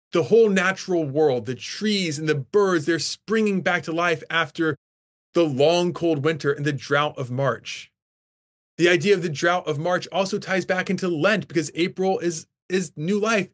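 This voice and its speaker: A man's voice: on the high side, a bit bright. A man lecturing as an English professor in a classroom, talking enthusiastically and with emphasis about poetry.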